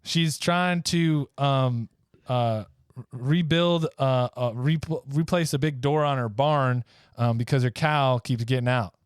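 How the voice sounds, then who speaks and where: Halting podcast storyteller man. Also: mid-range voice, clean tone, no room sound, clean studio sound. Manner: halting, hesitant, many uh and um. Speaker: podcast co-host. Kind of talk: improvised comic storytelling.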